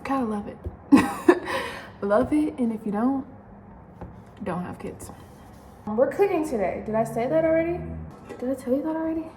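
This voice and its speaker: A woman's voice: high-pitched, expressive, a little fast, long pauses, dark tone, echoey room, soft background music. A young pregnant woman chatting casually while she cooks in her home kitchen, rambling and laughing often. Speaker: vlogger.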